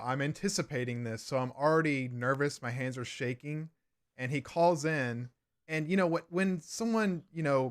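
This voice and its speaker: A young man on a radio show's staff, telling a story in a relaxed, modest way. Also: a little high, clean tone. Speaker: radio show staff member. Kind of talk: casual chat.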